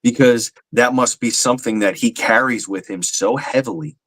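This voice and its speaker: A man's voice: medium pitch, normal speed, a bit bright, dry recording. A man co-hosting a podcast, telling a rambling anecdote with lots of fillers. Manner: rambling, self-deprecating, many fillers. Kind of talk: casual chat, anecdote.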